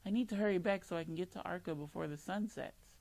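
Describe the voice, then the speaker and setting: A woman's voice: fairly low pitch, quick pace, vocal fry, a little mellow. A woman reading visual novel narration aloud, often tripping over words and correcting herself. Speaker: game streamer reading dialogue aloud. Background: game music.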